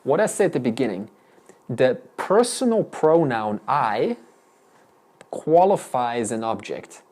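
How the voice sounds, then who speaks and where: A man's voice: mid-range voice, big pitch swings, a little slow, a little mellow. A man teaching a spiritual class, firing questions at students with frequent restarts. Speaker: Vedanta teacher. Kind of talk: interactive spiritual lesson.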